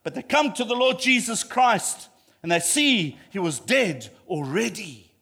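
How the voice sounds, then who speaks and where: Male preacher, high voice, emphatic, repeats phrases, builds to passionate peaks. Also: very animated, unhurried, bright, forceful tone, breathy edge. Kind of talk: sermon.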